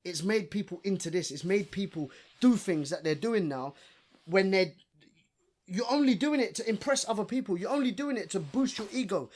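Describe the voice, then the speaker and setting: A man's voice: sits high, fairly quick. A young man, a podcast guest ranting in casual chat, swearing and saying bro a lot. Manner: animated, swears a lot, says bro often.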